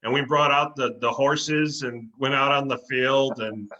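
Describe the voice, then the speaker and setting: A man's voice: mid-range voice, steady tone, a little slow, bright, forceful tone. A man who sings in a tribute band, chatting in an interview as an enthusiastic storyteller. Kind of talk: casual interview chat. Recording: slightly muffled lo-fi sound.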